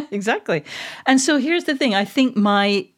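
A woman's voice: on the high side, expressive, measured pace. A middle-aged woman from Manchester with a mid-Atlantic accent, co-hosting a podcast in wry, reflective casual chat and laughing easily. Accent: mid-Atlantic with Mancunian roots. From Manchester, England. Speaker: podcast co-host.

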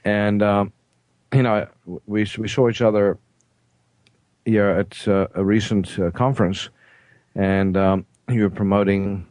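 A South African man hosting a studio talk show, hesitant, with frequent throat clearing and fillers. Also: on the low side, fairly even intonation, a little slow, pauses often, a little mellow, no echo. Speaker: host. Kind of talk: casual radio talk show.

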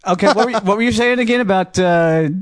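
A man's voice: sits high, fast, smooth, no room sound. A young man hosting a casual radio show, bantering and joking with his co-host.

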